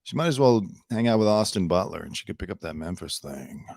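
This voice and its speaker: A man's voice: deep voice, animated, brisk, creaky, darkish tone, no echo, clean studio sound. Opinionated man hosting a news show. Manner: opinionated, chatty, sarcastic asides. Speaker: host. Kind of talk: casual news commentary.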